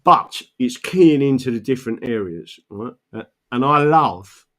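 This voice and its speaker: A man's voice: medium pitch, expressive, unhurried, fairly bright tone. A man from South London with a South London accent, chatting casually and telling rambling anecdotes, often adding "right?". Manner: rambling, anecdotal, frequent "right?" asides and laughs. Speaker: political livestream host. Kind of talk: casual chat, storytelling.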